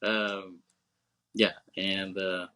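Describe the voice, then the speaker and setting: A man co-hosting a podcast, with a lowish voice that sounds bright and forceful. He recaps a film in a rambling, casual way, leaning on "like" and "you know", swearing freely and chuckling as he goes. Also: flat delivery, very slow, clear, resonant tone, rough recording. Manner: rambling and loose, heavy with fillers, swears and chuckles. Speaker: podcast co-host. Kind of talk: casual movie-recap chat.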